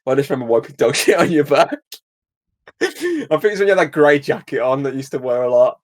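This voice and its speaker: A man's voice: on the high side, sing-song, a little fast, no room sound. Young guy podcast host, chatty film recap, dry room sound, laughs a lot. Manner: retells scenes with quoted voices and laughs. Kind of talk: casual film breakdown chat.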